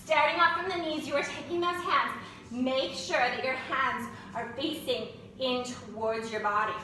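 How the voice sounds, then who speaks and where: Bright-voiced woman leading yoga. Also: sits high, steady tone, normal speed. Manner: encouraging, cueing poses and breaths. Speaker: yoga teacher. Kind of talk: guided yoga class instruction. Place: indoor yoga room. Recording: very echoey room, voice from a distance.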